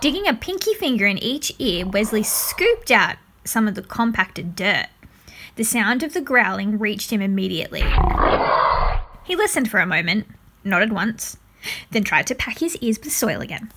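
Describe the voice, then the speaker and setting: A woman reads a children's adventure story aloud at a mid-range pitch. Her narration is calm and even, carrying the listener from scene to scene. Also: normal speed, a little hiss or hum. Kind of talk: reading a children's book aloud.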